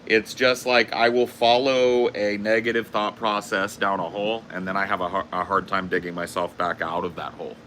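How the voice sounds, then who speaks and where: A man's voice: fairly low pitch, little pitch movement, normal speed, hardly any pauses, fairly bright tone, a little hiss or hum. A man streaming live, ranting casually with lots of swearing and repeating himself. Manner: profane, rambling rant; frequent coughing. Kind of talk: casual livestream chat.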